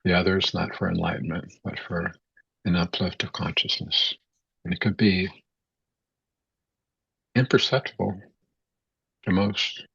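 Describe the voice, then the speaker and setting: Deep raspy guy doing a halting spiritual talk, dry muffled lo-fi audio. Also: steady tone, fairly bright tone, no room sound. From United States. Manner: halting, many repeated words and fillers. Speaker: spiritual teacher. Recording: dull, dry, lo-fi sound.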